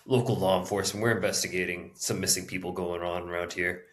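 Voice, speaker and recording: A man's voice: low-pitched, fairly even intonation, fast, fairly bright tone. A man playing a tabletop game, hesitant and earnest as an undercover cop. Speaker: player. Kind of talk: tabletop role-play.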